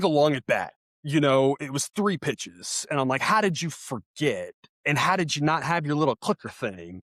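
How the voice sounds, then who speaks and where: Animated man telling a story. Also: mid-range voice, no room sound, studio quality. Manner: animated, laughing, voice jumps when reenacting yelling. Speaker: podcast co-host. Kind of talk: casual chat, storytelling.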